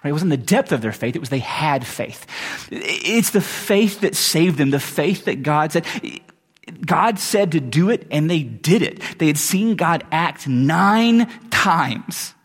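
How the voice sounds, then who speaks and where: A man preaching a sermon in a conversational way, correcting himself mid-sentence and rising into animated asides. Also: fairly high pitch, a little slow, husky. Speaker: pastor.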